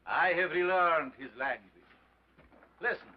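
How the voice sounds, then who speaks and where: An actor playing a sinister carnival scientist with a strange foreign accent, declaiming grandly in a 1930s film. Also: male voice, fairly high pitch, measured pace. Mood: grandiose. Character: sinister showman scientist, older man, theatrical. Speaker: carnival lecturer. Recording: dull lo-fi 1930s film sound.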